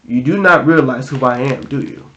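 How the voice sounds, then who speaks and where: A man's voice: mid-range voice, a bit bright, lo-fi sound, lightly acted. Man reading as a cold, menacing monster. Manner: slow, cold, sinister. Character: menacing monster posing as a male teacher.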